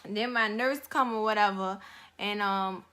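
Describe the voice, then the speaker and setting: A woman's voice: mid-range voice, steady tone, a little slow, bright, forceful tone. A young woman telling her own story in a casual vlog, slangy and conversational with lots of fillers.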